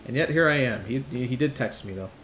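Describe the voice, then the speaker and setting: A man's voice: mid-range voice, fast, heavy background noise. A man playing a game and talking over it with crude jokes and lots of swearing. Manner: crude, joking, swears a lot. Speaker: let's player. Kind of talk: gaming commentary.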